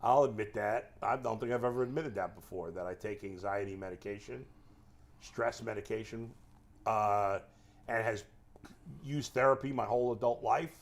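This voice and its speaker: A man's voice: lowish voice, moderate pace. A man co-hosting a casual sports talk show, candid and joking in banter. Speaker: co-host.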